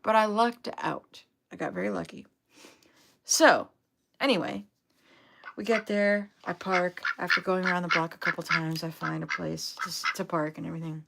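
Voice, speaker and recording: A woman's voice: fairly low pitch, animated, normal speed, vocal fry, a bit bright, a little hiss or hum. A young adult woman telling a rambling, upbeat story on a casual livestream, full of fillers. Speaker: vlogger, duck owner.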